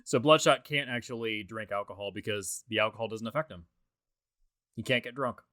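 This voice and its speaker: Recorded studio-clean with no room sound, this fairly quick, low-pitched man has a sharp edge to his tone. His film commentary is relaxed and chatty, wandering with many fillers and false starts.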